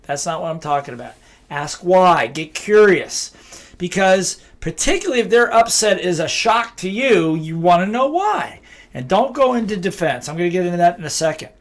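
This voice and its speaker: A middle-aged man teaches in a high-pitched voice. He is emphatic and keeps repeating his key phrases. He acts out both sides of short dialogues to make his points. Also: fairly bright tone. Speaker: business speaker and trainer. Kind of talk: motivational teaching talk.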